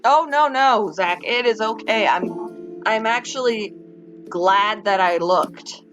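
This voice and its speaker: A woman's voice: mid-range voice, a bit bright. A woman live-streaming a puzzle game, venting and sighing as she chats with viewers. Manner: upset and venting, sighing, talks slowly. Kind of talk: casual live-stream chat while doing a puzzle. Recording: dull lo-fi sound with music behind. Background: background music.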